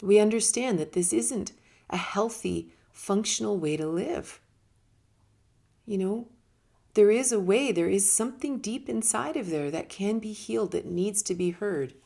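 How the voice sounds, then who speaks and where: A woman with a gravelly, fry-touched voice talks through ideas in a relaxed, conversational teaching manner. She leans on words for emphasis and slips into little acted-out quotes along the way. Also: medium pitch, a little slow. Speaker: speaker on personal growth. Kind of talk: casual spoken teaching talk.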